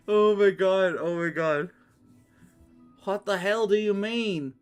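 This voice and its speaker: A woman's voice: mid-range voice, takes it slowly, pauses often, clean tone, faint music behind. A woman reading fanfiction aloud, reacting with incredulous swearing and frequent laughter. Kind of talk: comedic read-aloud with reactions.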